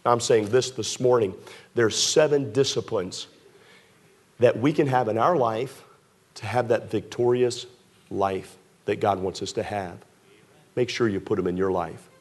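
A man preaching a sermon to a congregation, animated, his voice climbing high when he acts out pleading prayers. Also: measured pace. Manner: drops soft and low acting out a scared prayer. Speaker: pastor. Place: church sanctuary with a congregation.

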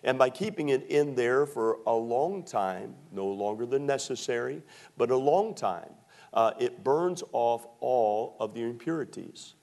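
A middle-aged man from Maryland preaching a sermon, telling stories with slow, drawn-out emphasis and many fillers. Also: medium pitch, lively intonation, gravelly, a little mellow. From Maryland, USA.

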